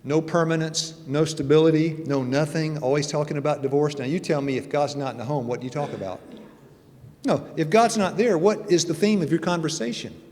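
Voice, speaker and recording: A man's voice: a little high, brisk, a little mellow. A man in his sixties, a church elder, giving a folksy, joking sermon with his personal testimony. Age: 60s. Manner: folksy, joking, conversational preaching. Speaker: church elder and guest speaker. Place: church sanctuary. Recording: long reverb of a church hall.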